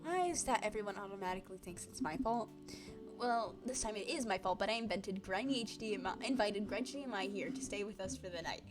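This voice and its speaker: A woman voicing a formal, apologetic older male scientist who speaks in a measured, precise way. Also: mid-range voice, over music, natural voice. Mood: sheepish.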